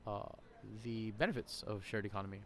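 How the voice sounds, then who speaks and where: Fairly low in pitch yet a bit bright, the man speaks a little fast as he hosts a podcast in a casual, rambling vlog monologue. Recorded at an outdoor shopping center, the clip carries faint crowd sounds and a slight hiss or hum, and he laughs often.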